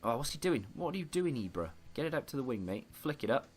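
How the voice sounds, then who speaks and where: A man's voice: medium pitch, big pitch swings, fast talker, breathy edge, soft background music. A man giving running commentary over his own football video game match, frustrated and self-deprecating. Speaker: gaming YouTuber. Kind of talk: live gameplay commentary.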